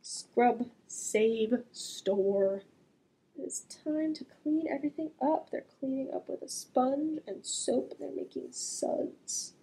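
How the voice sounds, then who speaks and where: High, slow-reading storytime woman. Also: rough recording. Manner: gently questioning the listener, drawn-out sound words. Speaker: children's librarian. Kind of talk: reading a picture book aloud to children.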